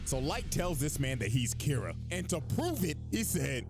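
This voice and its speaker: A man tells an anime story as a crude, slang-heavy comedy recap. His voice sits a bit high for a man and swings up and down constantly. Music plays clearly behind him. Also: sing-song, normal speed, few pauses. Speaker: narrator. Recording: background music under the voice.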